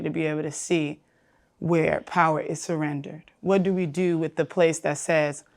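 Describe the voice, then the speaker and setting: A woman speaking thoughtfully and in a measured way in a panel conversation. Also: sits low, darkish tone.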